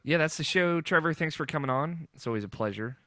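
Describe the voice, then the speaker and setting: A man's voice: fairly high pitch, expressive, fast talker, bright, forceful tone, no room sound, studio quality. A man hosting a podcast in casual chat, loose and joking, laughing often. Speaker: podcast host.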